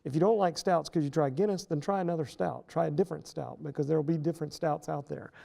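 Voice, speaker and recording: A middle-aged professor talking casually as an interview guest, explaining at length with many fillers and restarts. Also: male voice, on the high side, fast talker, creaky, dark tone.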